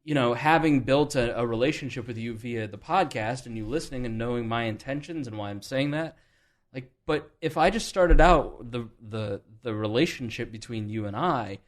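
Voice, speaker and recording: A man's voice: mid-range voice, normal speed. Candid male podcast host. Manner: candid, thinking aloud with restarts. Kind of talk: casual political discussion.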